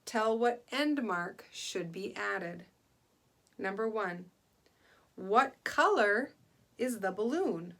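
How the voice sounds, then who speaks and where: Teacher lady, slow careful delivery, patient with little kids, says good a lot. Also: mid-range voice, animated, fairly bright tone. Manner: slow, patient, enunciates for young children. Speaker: second grade teacher. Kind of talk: online classroom lesson.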